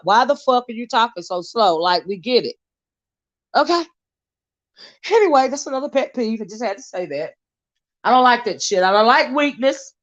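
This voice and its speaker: A woman hosting a YouTube commentary show, ranting in a blunt, loud, heavily profane way. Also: a little high. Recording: dull lo-fi sound.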